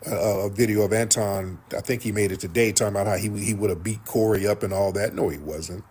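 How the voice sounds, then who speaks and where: A man's voice: on the low side, fairly even intonation, quick pace, darkish tone, husky. A man telling a story casually in a played clip, animatedly acting out what others said. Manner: retells a confrontation, acting out quotes animatedly.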